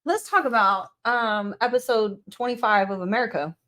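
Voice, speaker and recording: A woman's voice: fairly high pitch, moderate pace, a bit bright. A woman co-hosting a podcast, chatting playfully and echoing her partner's phrases. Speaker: podcast co-host. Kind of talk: casual chat.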